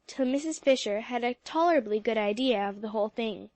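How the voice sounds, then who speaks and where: A woman narrating a classic children's book in a steady, expressive reading voice. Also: fairly high pitch, a little fast, few pauses, no echo. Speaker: audiobook narrator. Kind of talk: storybook narration.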